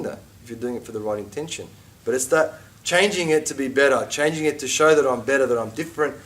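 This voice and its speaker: A middle-aged man teaching an informal religious class, chatty and animated, with asides and mock quotes. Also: mid-range voice, distant mic, slight background noise.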